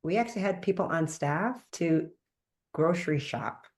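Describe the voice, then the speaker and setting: A woman host and doctor in a casual interview conversation, animated, laughing often and acting out quoted dialogue. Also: low voice, normal speed.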